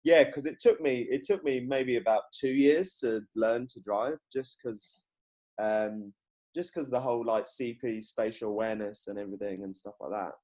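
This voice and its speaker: A man's voice: mid-range voice, normal speed, darkish tone. A young man, hosting a podcast in casual chat, rambling and laughing often as he acts out quotes. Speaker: podcast host.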